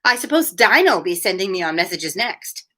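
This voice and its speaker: A woman's voice: mid-range voice, very animated, normal speed, sharp tone. A woman reading aloud, voicing a curious young girl who talks to herself as she wonders. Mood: wondering.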